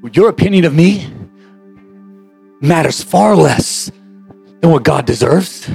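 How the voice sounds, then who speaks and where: A man preaching a sermon as pastor, impassioned and often shouting. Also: on the high side, lively intonation, takes it slowly, vocal fry, slightly rough, faint music behind. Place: church sanctuary.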